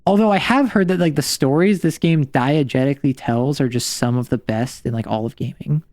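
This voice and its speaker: A man's voice: a little high, a little fast, darkish tone, dry recording. A man streaming a game, thinking aloud in a rambling, casual way. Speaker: vtuber streamer. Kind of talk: casual livestream commentary while playing.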